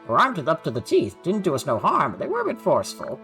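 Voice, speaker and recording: Man doing high, drawling Southern village woman, blunt and folksy, game voice. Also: wildly swooping pitch, fast talker, pushed and bright, soft background music, heavily acted. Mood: folksy warning. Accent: Southern US (put on). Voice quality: drawling, rough folksy grammar. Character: folksy country townswoman, blunt and warning.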